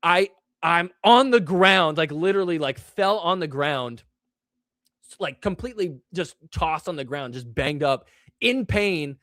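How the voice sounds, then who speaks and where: In a dry, studio-quality recording, a young man hosting a show chats on his own, rambling with many fillers and joking at his own expense. His voice is animated and fairly bright at a measured pace, and he puts on a higher voice to act out fans he's quoting.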